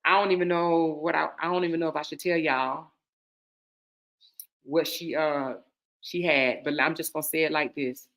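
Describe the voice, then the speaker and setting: A woman host, casually telling a personal story in a candid, emphatic way, moving between hushed asides and loud stresses. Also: sits low, steady tone, normal speed.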